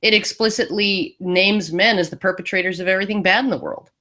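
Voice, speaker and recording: Woman co-host, mid-pitched, emphatic and argumentative, casual chat. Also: fairly quick, bright, forceful tone. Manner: emphatic, lists examples. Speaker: podcast co-host.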